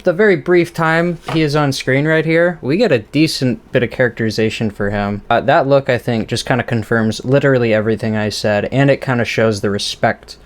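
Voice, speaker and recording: A man's voice: medium pitch, brisk, hardly any pauses. Male host, casual off-the-cuff commentary, frequent laughs, swears freely. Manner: casual, laughs often, swears, lots of fillers. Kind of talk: off-the-cuff episode breakdown.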